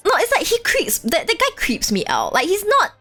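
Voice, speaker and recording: A young woman streaming a game, chatting casually in an animated, giggly way. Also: very high voice, moderate pace. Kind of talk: casual let's-play chat.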